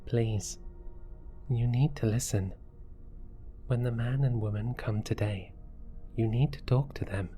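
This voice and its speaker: A man's voice: mid-range voice, fairly even intonation, measured pace, long pauses, warm tone, soft background music, close to an everyday voice. A man narrating voices the urgent, pleading words of a mysterious young girl heard out of nowhere. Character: mysterious young girl's disembodied voice.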